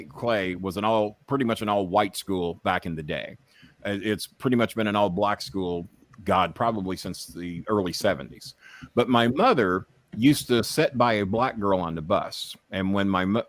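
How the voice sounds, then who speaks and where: On a dry recording, a man with a voice on the low side shares candid stories as a podcast guest. His delivery is profane and impassioned, becoming animated and heated when he starts ranting.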